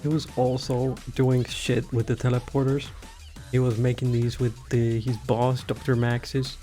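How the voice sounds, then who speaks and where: A man rambling through game lore in an irreverent, profane comedic rant, full of giggly asides. His voice sits at a middling pitch, with faint music in the background. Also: level tone, normal speed, mellow. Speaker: video creator.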